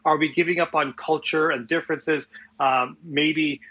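A man's voice: fairly high pitch, steady tone, moderate pace, slightly rough, lo-fi sound. A man who works as a financial advisor, a regular guest on a radio show, giving business commentary in an easygoing, conversational way.

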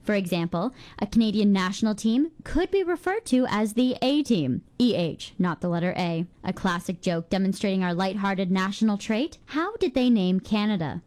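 A woman hosting a scripted radio feature, reading with a bright, playful storytelling delivery. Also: mid-range voice, animated, moderate pace, hardly any pauses. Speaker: radio segment host.

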